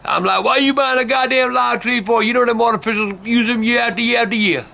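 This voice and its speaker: High, bright-voiced older man. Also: steady tone, quick pace, gravelly. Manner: cursing constantly, bursts into shouting. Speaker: vlog host telling stories. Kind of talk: profane storytelling rant.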